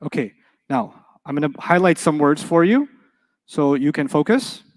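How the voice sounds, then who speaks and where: A man teaching an Arabic grammar class in a classroom, playful and animated, quizzing his students with quick questions. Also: on the high side. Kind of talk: classroom lecture.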